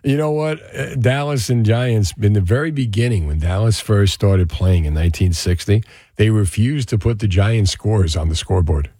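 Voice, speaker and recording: A man hosting a radio call-in show, chatting in a lively, upbeat way with callers. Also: lowish voice, normal speed, husky, no echo, clean studio sound. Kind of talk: talk radio call-in chat.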